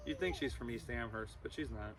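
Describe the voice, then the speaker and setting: A man's voice: medium pitch, fairly quick, crowd noise. A man presenting a live animal show to kids, playful and teasing.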